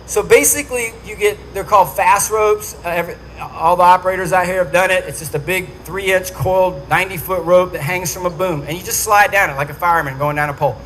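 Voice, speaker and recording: A man's voice: high-pitched, a little fast, hardly any pauses, background noise. A man giving a storytelling speech to a dinner audience, acting out the quotes as he goes. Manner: animated storyteller who acts out quotes. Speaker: speaker at a charity dinner.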